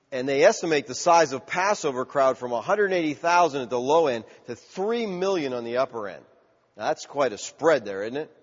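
A man preaching a sermon, asking the congregation questions and building to loud cries. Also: medium pitch. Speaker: pastor. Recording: dull sound with long hall reverb.

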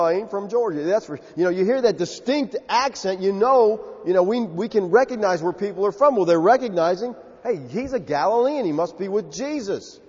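A pastor from the South preaches an emphatic sermon in a high, breathy voice with a darkish tone, slipping into character whenever he quotes someone. The audio is a little muffled and rings with a long hall echo.

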